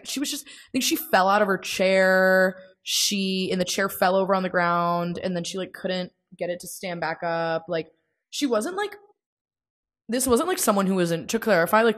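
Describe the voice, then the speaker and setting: A young woman hosting a casual solo podcast, chatting in a rambling way with many fillers. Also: low-pitched. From United States. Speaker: podcast host.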